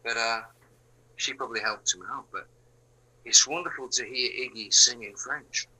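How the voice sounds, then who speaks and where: An older man from England, a musician answering interview questions in a relaxed, rambling way, full of fillers and restarts. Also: medium pitch, normal speed, husky, rough recording. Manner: rambling, frequent fillers and restarts, drops to quiet asides. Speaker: musician guest.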